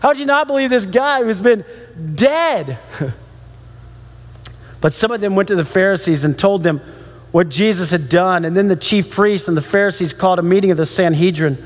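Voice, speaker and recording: A man preaching a sermon in a loose, animated way, telling a story with laughs and acting out the people in it. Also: high-pitched, normal speed, big-room sound. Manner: casual, animated storytelling with laughs and acted-out dialogue. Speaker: pastor.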